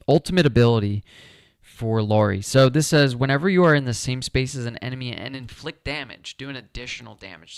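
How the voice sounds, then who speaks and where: A man's voice: medium pitch, clear, resonant tone, no echo, studio quality. A man talking himself through a solo board game playthrough, chatty and upbeat as he explains each move.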